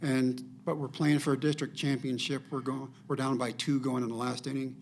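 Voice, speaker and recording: A man's voice: medium pitch, little pitch movement, fairly quick, vocal fry, slight background noise. An older man, a podcast guest telling a personal story and acting out the dialogue in it.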